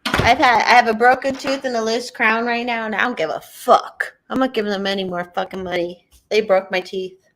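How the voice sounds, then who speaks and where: A woman's voice: a little high, fairly even intonation, fairly quick, fairly bright tone. A woman in her thirties, co-hosting a podcast in casual chat, ranting bluntly and swearing freely. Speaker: podcast co-host.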